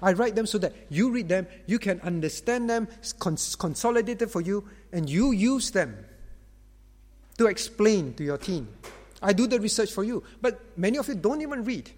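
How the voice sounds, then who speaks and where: Male pastor, high voice, sermon, animated, acts out quotes, echoing hall. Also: normal speed. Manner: animated, acts out quoted parents and teens, addresses listeners by name. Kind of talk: sermon to parents. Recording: long reverb of a hall.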